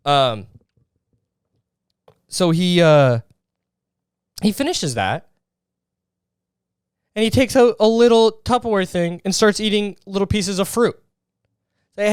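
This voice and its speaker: A man's voice: high voice, expressive, slow, pauses often, smooth, dry recording, studio quality. A young man hosting a solo podcast, ranting in an exasperated, profane way about other people's habits. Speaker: podcast host.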